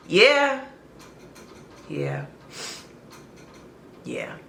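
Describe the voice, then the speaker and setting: A woman telling a personal story in a chatty, expressive vlog style, leaning hard on words for emphasis. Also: deep voice, slow, reverberant.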